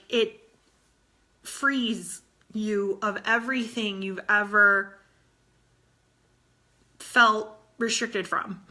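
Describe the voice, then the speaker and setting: A woman's voice: on the high side, sharp tone. A woman in her thirties, a fitness coach, talking earnestly to her team while close to tears, often repeating herself. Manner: earnest, tearful, repeats phrases. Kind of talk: emotional motivational talk to her team.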